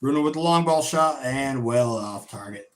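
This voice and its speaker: Hosting a laid-back football watch-along livestream, this man is tired and keeps yawning while he calls the action and chants. Swearing comes easily, and goals set him shouting. His medium-pitched voice has lively intonation and a normal speed.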